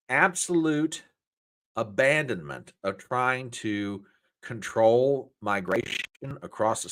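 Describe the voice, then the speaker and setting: A man hosting a political commentary show, talking in an animated, folksy, indignant way. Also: medium pitch. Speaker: host.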